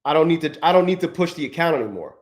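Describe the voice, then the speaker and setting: A man's voice: fairly high pitch, animated, rapid-fire. A man live-streaming his trading, swearing often and berating himself, breaking off to greet viewers from the chat by name. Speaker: livestreaming day trader.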